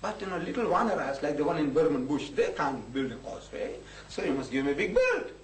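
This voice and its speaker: Brief: high-voiced, lively male lecturer, acts out dialogue, chuckles often; distant mic in an echoey hall. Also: fast, a little hiss or hum. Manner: animated storyteller who acts out both sides of conversations; chuckles often while speaking. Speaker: speaker giving a talk. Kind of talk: storytelling lecture to a live audience.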